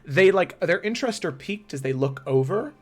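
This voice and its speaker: A man's voice: a little high, lively intonation, brisk, faint music behind. A man narrating as game master in a tabletop game, casual and full of fillers. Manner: casual, with many fillers and restarts.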